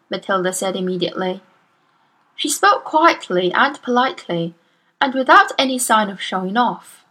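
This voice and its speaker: A woman reading a children's novel aloud in a slow, careful storytelling manner. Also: mid-range voice, animated, sharp tone. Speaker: storybook reader.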